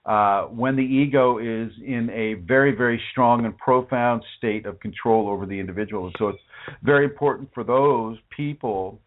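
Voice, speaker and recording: Here the spiritual teacher and show host talks at a normal speed in a mid-range voice, earnest and colloquial, with frequent restarts and repeated words. The audio has a narrow, phone-like quality.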